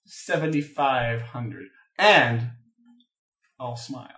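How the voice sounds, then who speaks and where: Brief: deadpan, playful man in a tabletop game, bright lively voice, roomy sound. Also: medium pitch, takes it slowly. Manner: playful, deadpan haggling, enjoys puns. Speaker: player. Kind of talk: in-character tabletop play.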